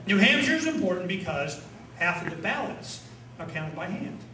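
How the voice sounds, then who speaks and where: A man giving an animated rally speech at a conference, firing off rhetorical questions and leading chants. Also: sits high, normal speed, noisy background. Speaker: conference speaker. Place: conference hall with audience. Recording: echoey hall, distant mic, crowd.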